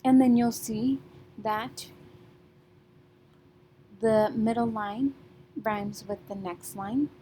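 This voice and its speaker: Woman teacher going slow and patient, keeps clearing her throat, lots of "okay?". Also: a little high, steady tone, mellow, poor audio. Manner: patient, repeats "okay?" often. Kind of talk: remote classroom lesson.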